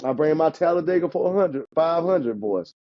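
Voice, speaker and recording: A man's voice: a little high, moderate pace, no echo. Talkative man, dull dry recording. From Alabama, US. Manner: animated, talkative, laughs often. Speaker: guest, insurance agent. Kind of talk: casual podcast chat.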